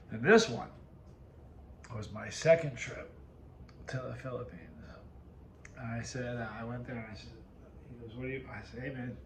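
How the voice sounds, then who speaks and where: A man at an everyday middle pitch tells a rambling story to his camera, often breaking off and restarting. The room around him is echoey, with a faint hum of background ambience. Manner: rambling, self-interrupting storyteller. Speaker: video host.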